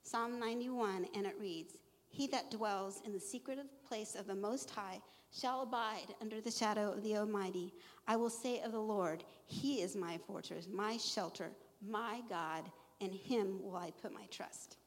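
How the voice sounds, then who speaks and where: Speaking a little slowly at medium pitch, a middle-aged woman shares her testimony of faith before a live crowd, earnest and emotional, with scripture quotations. The sound echoes long, as in a big hall.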